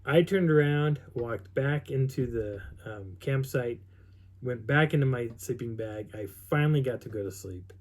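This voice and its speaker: Middle-aged guy rambling through a story for his channel, lots of restarts, normal pitch. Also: unhurried, darkish tone. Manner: rambling, with many restarts and quoted dialogue. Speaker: vlogger recounting an outdoor experience. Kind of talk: casual storytelling.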